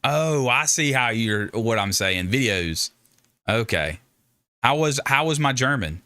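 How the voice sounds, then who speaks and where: Bright-toned joking livestream man. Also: mid-range voice, expressive, measured pace, no room sound, clean studio sound. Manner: rambling, joking, self-interrupting. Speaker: livestream host. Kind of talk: casual livestream chat with viewers.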